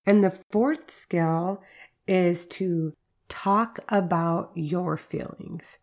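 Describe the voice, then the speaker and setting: A woman in her thirties hosts a parenting podcast in a loose, conversational teaching style. Her voice sits on the low side with a gravelly edge. She keeps checking in with listeners with little "right?" asides. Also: very slow, darkish tone. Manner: conversational, uses "like" and "right?" as fillers. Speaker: podcast host. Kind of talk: casual teaching monologue.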